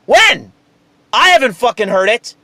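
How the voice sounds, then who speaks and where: Man, high-pitched, furious profane rant, sarcastic, dry close sound. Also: very animated, measured pace, bright, forceful tone, no room sound. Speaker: political commentary host. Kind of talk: angry political rant.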